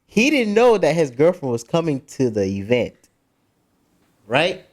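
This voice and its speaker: Guy on a podcast telling a story, super lively voice, keeps laughing and doing voices. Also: a little high, a little slow. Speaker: podcast co-host. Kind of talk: casual storytelling chat.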